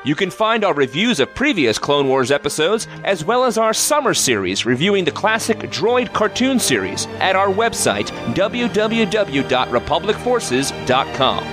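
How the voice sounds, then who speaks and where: A man reads podcast credits and a legal disclaimer, brisk and promotional. His voice sits high and bounces up and down. Music plays clearly under him. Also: sing-song. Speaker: podcast announcer.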